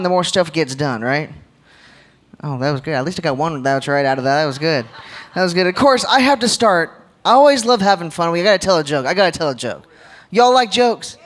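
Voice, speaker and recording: A man's voice: sits high, expressive, brisk. A man giving a live leadership talk at a church gathering, joking and quizzing the crowd with questions. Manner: jokey, engages crowd with questions.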